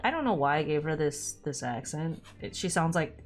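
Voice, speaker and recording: A young woman plays through a dating game, reading it aloud and breaking off into giggly, self-mocking asides. Her pitch bounces around animatedly, with faint background music under her voice. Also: expressive, moderate pace, few pauses. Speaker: streamer. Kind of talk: let's play commentary.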